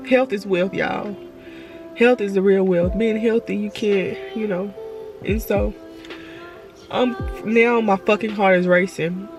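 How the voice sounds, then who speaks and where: A woman's voice: medium pitch, fairly even intonation, slow, music in the background. A woman vlogging at home, crying and talking in rambling, repetitive bursts with stumbling restarts. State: tearful, crying. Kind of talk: emotional personal vlog.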